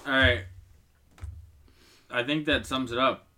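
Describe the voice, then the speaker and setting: A young man hosting a casual sports podcast chat. He often hedges and corrects himself, then gets lively when he runs a quiz. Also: mid-range voice, slow. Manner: hesitant, self-correcting, then energetic when running a quiz. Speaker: podcast host.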